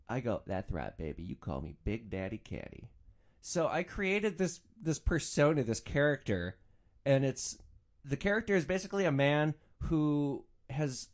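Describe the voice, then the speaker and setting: A young man in his twenties tells driving stories on a podcast with loose, profane humor. His pitch sits in an ordinary middle range but swings widely as he tells the tale, and he keeps a joking, animated edge throughout. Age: 20s. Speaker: podcast host and rideshare driver. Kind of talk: casual storytelling.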